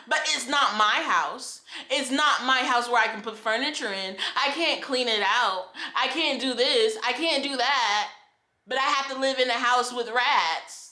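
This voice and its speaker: A young woman with a high, bright voice tells a hurtful family story straight into her phone. She vents in repeated, frustrated bursts and breaks into laughter along the way. The room around her sounds echoey. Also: unhurried. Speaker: vlogger. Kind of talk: emotional personal storytime vlog. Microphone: phone camera.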